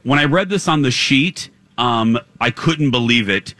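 A man's voice: medium pitch, lively intonation, a little slow, pushed and bright, no echo. A man hosting a live morning radio talk show from a fair booth, upbeat and chatty with frequent fillers.

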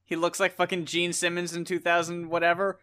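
A man's voice: high-pitched, monotone, brisk, pushed and bright, clean tone. A man co-hosting a podcast, reviewing an album in casual, rambling chat, often laughing and swearing. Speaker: podcast co-host.

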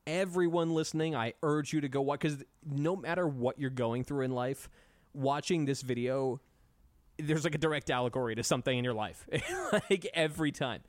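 Man, podcast host, profane, animated storyteller, dry sound. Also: mid-range voice, moderate pace, no echo. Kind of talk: casual chat.

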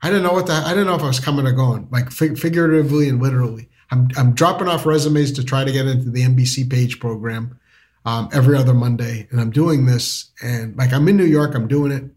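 Male storyteller, casual and rambling, mid-pitched. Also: fast, a little mellow. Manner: rambling, restarts, lots of "like". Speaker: storyteller guest.

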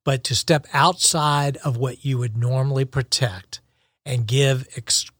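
A man's voice: medium pitch, fairly even intonation, measured pace, a bit bright, no room sound, studio quality. A man co-hosting a podcast in casual chat, reflective and encouraging, often restarting his phrases. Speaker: podcast co-host.

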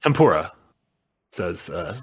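A man's voice: deep voice, very animated, takes it slowly, husky. A man co-hosting a casual stream, talking in a loose, rambling way full of fillers. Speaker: co-host.

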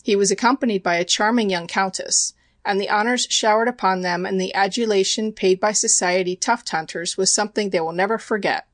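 A woman's voice: mid-range voice, fairly quick, dry recording. Woman narrating an audiobook, dry and close.

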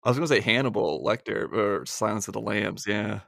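Gravelly, lively-pitched podcast co-host. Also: fairly quick, dry recording, studio quality. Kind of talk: casual chat about a movie.

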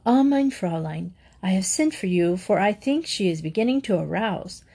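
A woman reading aloud, voicing a calm, gentle older male doctor in a storybook. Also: medium pitch, normal speed, husky.

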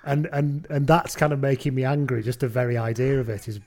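A man's voice: medium pitch, fairly even intonation, fairly quick, a little mellow. A man in his forties co-hosting a podcast, chatting in a sweary, jokey, exasperated way. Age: 40s. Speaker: podcast co-host. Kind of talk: casual banter.

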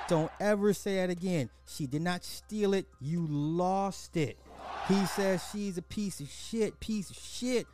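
A man's voice: high-pitched, measured pace, music in the background. A man hosting a podcast of social commentary, telling a story in a casual, profane, mocking way and repeating phrases for effect. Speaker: podcast host.

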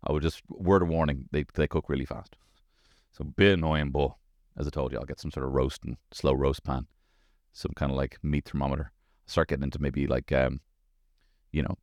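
Speaking briskly in a bass voice with a Dublin Irish accent, a man in his thirties delivers a lively, profane comic monologue as a show host, packed with tag questions. The audio is clean studio sound without echo.

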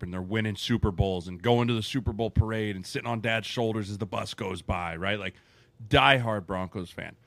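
A man's voice: on the low side, no echo. A man from Denver, a former player turned agent, chatting casually on a podcast and often tagging his points with "right?". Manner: conversational, says "right?" and "like" often. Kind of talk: casual chat.

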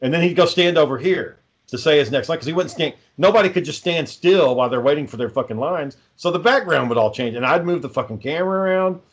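A man's voice: fairly high pitch, fast. A man who hosts the podcast and makes indie films, talking in a laid-back casual chat and swearing constantly. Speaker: podcast host and indie filmmaker.

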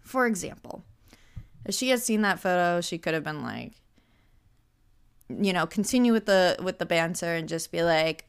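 A young woman hosting a podcast, telling a story in a casual, animated way with lots of "like" and incredulous asides. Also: on the low side, normal speed, vocal fry, pauses often, clear, resonant tone. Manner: animated, incredulous, heavy use of "like". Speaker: podcast host.

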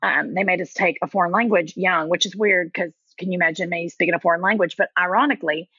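A woman's voice: on the low side, quick pace, pushed and bright, slightly rough, no room sound, dull audio. A woman from Kentucky with a Southern accent, chatting animatedly as a podcast guest and calling people honey. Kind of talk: casual chat.

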